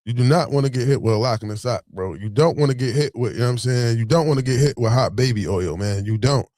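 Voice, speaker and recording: Animated streetwise man telling a story. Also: mid-range voice, fast talker, no echo, studio quality. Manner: animated, streetwise, swears freely. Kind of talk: casual storytelling to camera.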